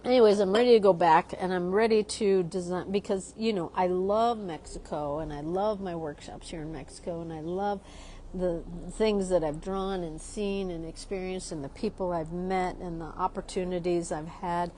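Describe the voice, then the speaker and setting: A woman's voice: lowish voice, fairly even intonation, normal speed, mellow, slight background noise. A middle-aged woman, an artist who teaches drawing workshops, talking casually and rambling on a livestream, often checking in with "right?". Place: home in Mexico.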